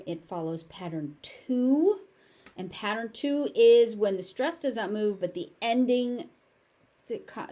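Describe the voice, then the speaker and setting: A woman with a General American accent teaching pronunciation, repeating each word slowly and enunciating clearly. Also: medium pitch, dark tone. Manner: slow, deliberate, exaggerated enunciation of each word. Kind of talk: pronunciation lesson, slow drilled word repetition.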